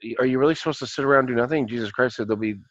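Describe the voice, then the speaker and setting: A man's voice: mid-range voice, racing, fairly bright tone, no echo, highs cut off. A man in casual conversation who rambles with many restarts and acts out the voices in a joke he tells.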